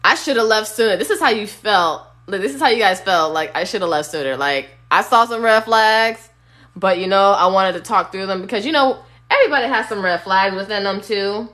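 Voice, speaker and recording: A woman's voice: medium pitch, normal speed, fairly bright tone. A woman giving a casual, blunt tarot reading on a phone live stream, sometimes singing bits of songs. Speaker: tarot reader.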